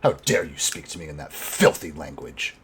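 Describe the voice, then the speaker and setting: A proud captive elf priestess, put on by a man. She speaks quietly and low in short, clipped words, full of scorn. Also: big pitch swings, normal speed, breathy edge, heavily acted. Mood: contemptuous.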